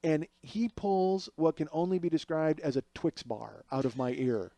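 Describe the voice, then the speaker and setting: A man's voice: fairly high pitch, moderate pace, gravelly, dark tone, no room sound. A middle-aged man telling a comic story as a podcast host, acting out other people's voices as he goes.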